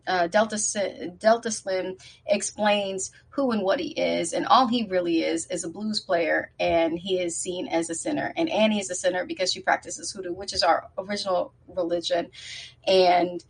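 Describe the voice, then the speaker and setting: A woman's voice: lowish voice, steady tone, moderate pace, gravelly, husky, poor audio. Passionate woman in a film discussion. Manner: passionate, building one point on another. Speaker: podcast guest panelist. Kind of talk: casual discussion.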